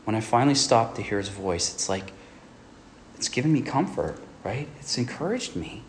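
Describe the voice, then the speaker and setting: A male pastor giving an earnest sermon who often checks in with a quick "right?". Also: mid-range voice, lively intonation, slight background noise.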